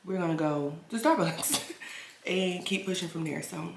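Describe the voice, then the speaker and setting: Chatty gal vlogging, pretty low voice, says stuff twice for emphasis, echoey room. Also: female voice, unhurried. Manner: chatty, emphatic, repeats her lines. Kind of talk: casual chatty vlog. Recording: echoey room with clear background noise.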